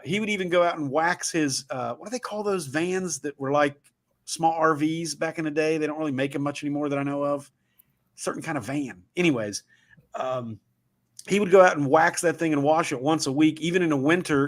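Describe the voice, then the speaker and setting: A man with a fairly high pitch and brisk delivery hosts a casual livestream talk in a Southern Ohio accent, spinning rambling, folksy stories.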